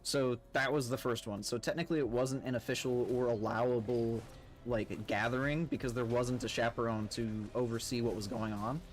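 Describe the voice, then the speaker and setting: A man's voice: medium pitch, fairly even intonation, normal speed. A man streaming a game with friends, rambling through a funny work story, swearing freely and laughing at himself. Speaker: streamer playing with guildmates. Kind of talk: casual storytelling while gaming.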